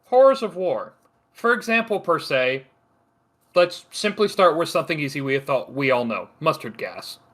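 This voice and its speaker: A man's voice: a little high, lively intonation, normal speed, a bit bright. A man co-hosting a casual group podcast, joking around with his friends. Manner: joking, laughs between lines. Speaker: podcast co-host.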